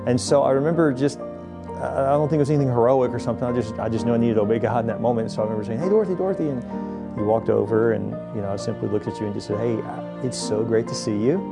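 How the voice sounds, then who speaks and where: A male pastor giving an earnest sermon to his congregation, moving from a quiet interview into rousing exhortation. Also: mid-range voice, fast talker, vocal fry. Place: church auditorium. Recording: large hall reverb, soft music.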